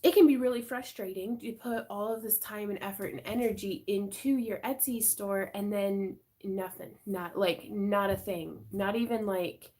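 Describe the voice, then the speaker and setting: A woman's voice: medium pitch, normal speed, hardly any pauses, warm tone. A woman hosting a live craft stream, chatting in a bubbly, giggly way with her viewers and her cat. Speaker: craft channel host.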